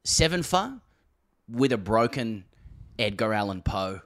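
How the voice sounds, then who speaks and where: A man's voice: fairly low pitch, big pitch swings, a little slow, fairly bright tone. An Australian man co-hosting a casual cricket podcast, rambling with frequent laughs, restarts and swearing. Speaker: podcast co-host.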